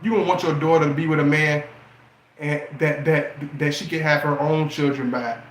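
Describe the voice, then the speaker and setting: A man giving casual relationship advice in a preachy, animated way, firing off rhetorical questions. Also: fairly high pitch, normal speed, echoey room, slight background noise. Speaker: relationship and astrology vlogger.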